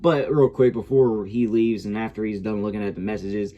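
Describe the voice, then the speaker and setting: A man's voice: on the low side, steady tone, fairly quick, lo-fi sound. A man giving a casual, rambling review of a TV episode, swearing freely as he goes. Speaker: show reviewer.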